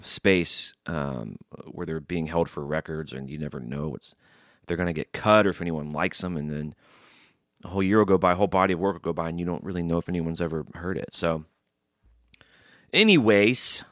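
A man with a very low, deep voice hosts his podcast alone, talking in a loose, rambling way, cracking jokes and swearing freely. He is drinking beer as he goes, and the sound is dry and close, with no room around it. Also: fairly bright tone, dry recording. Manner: rambling, joking, swears casually. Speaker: podcast host. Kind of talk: casual solo podcast chat.

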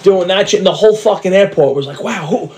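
Male podcast co-host, fairly high voice, rapid, loose and profane banter. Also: darkish tone. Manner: quick, profane back-and-forth. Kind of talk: casual chat.

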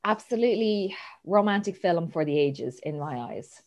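Low-pitched woman, chatty, laughs a lot while retelling a movie plot. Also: normal speed. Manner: animated, laughs often, acts out quotes. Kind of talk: casual chat retelling a film plot.

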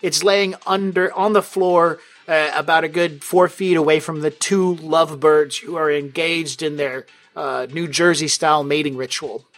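A man's voice: a little high, fairly even intonation, normal speed, few pauses, fairly bright tone. A man running a tabletop game as game master, narrating with a playful, wry manner. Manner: playful and wry, breaks into laughter.

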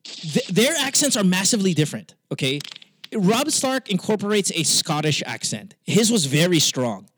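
A man's voice: high voice, big pitch swings, moderate pace, fairly bright tone, slightly rough, no echo. A man with a Western, almost Americanized accent, hosting a podcast in casual, profane, argumentative chat with many stammered restarts. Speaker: podcast host.

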